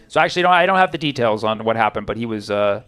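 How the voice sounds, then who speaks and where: A man's voice: lowish voice, expressive, quick pace, a bit bright, smooth. A man doing a stand-up set, riffing with lots of swearing and acting out other people's voices. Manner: profane, riffing, acts out voices. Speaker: stand-up comedian.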